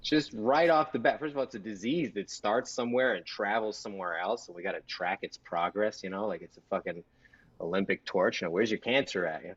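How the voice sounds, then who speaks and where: A man performing a stand-up set over a video call, talking in a deadpan, provocative way and laughing at his own jokes. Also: fairly low pitch, a little fast, slightly rough, highs cut off. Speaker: stand-up comedian. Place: Texas home.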